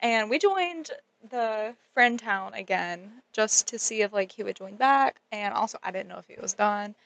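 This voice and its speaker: A young woman vlogger telling a story in a casual, animated way, giggling often and saying "like" a lot. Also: mid-range voice, normal speed, gravelly, a little hiss or hum. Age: young adult.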